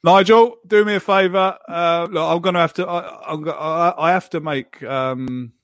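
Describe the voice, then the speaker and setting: A man's voice: on the high side, steady tone, moderate pace, no room sound, studio quality. A man hosting a casual football podcast, chatting and moderating the live chat. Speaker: podcast host.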